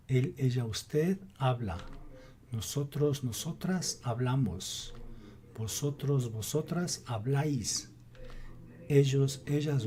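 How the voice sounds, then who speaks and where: A man with an Ecuadorian Spanish accent explains verb conjugation in a calm, unhurried lesson. His voice is mellow and warm, and he pauses to read each word out with care. Faint room ambience sits under the recording. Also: medium pitch, slight background noise. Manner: slow, deliberate, drills word lists aloud. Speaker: Spanish teacher. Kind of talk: scripted grammar lesson.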